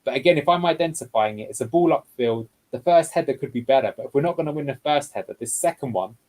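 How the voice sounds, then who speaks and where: As a guest football analyst, a man walks step by step through match footage in a tactical video breakdown, explaining each clip. He's a fast talker with a mid-range, darkish voice and lively intonation. The recording is low quality.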